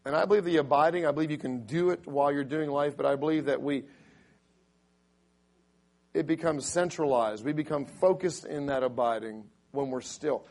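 A middle-aged man with a raspy voice, a pastor preaching a sermon who rises to loud, emphatic delivery when quoting scripture. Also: on the high side, moderate pace.

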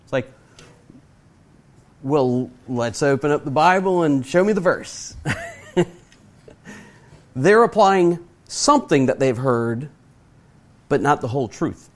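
Middle-aged male preacher, sermon delivery, earnest and emphatic, slightly raised pitch. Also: animated. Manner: earnest, emphatic, speaks slowly to stress points; asks the audience direct questions.

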